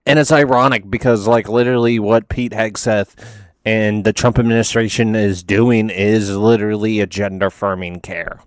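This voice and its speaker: A man's voice: lowish voice, steady tone, normal speed, dry recording, clean studio sound. A man hosting a reaction video, talking casually in a rambling, sarcastic way with lots of "like".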